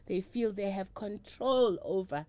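A woman's voice: medium pitch, measured pace, darkish tone, dry recording. Emphatic South African woman guest. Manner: mixes English with Zulu and Sotho, emphatic and emotional. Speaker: traditional healer, interview guest. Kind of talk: candid interview talk.

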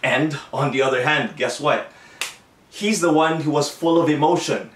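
Recorded at home in an echoey room, a fairly high-voiced male pastor preaches earnestly at normal speed, often restarting and correcting his phrases. His voice sits far and a bit off the mic, with slight hiss or hum.

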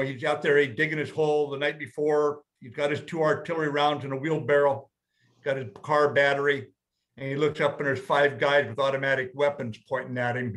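An older American man telling a measured, plainspoken story as guest speaker, with frequent restarts. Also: on the high side, fairly bright tone. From United States. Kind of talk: storytelling talk.

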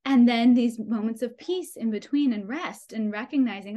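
A young adult woman, a podcast guest, telling a personal birth story with animated delivery, often laughing and acting out dialogue. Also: on the high side, moderate pace, lo-fi sound.

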